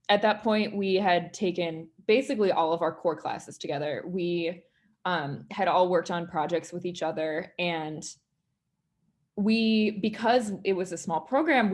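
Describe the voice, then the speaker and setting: A young woman giving a casual workshop talk in a chatty, conversational way, often saying "like" and "right?". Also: lowish voice. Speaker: workshop speaker.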